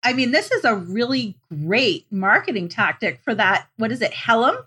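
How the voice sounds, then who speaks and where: Joking woman guest, fairly high voice. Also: lively intonation, normal speed, pushed and bright, slightly rough. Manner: joking, laughs at her own slips. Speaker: podcast panel guest. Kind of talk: casual panel chat.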